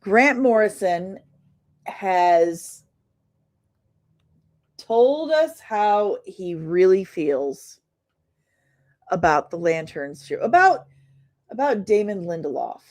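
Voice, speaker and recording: A woman talks to her viewers on a casual home stream, taking her time over each thought. She chats loosely and reads passages aloud at a relaxed, unhurried pace, her voice sitting at a middle pitch. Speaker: host. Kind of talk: casual live-stream commentary.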